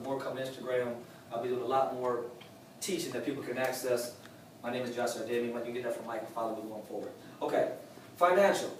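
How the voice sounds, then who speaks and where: A man's voice: mid-range voice, a little mellow. A man giving a motivational talk at a sales meeting, preachy, repeating his key lines for emphasis. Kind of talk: live motivational talk to a room. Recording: distant echoey room with faint noise.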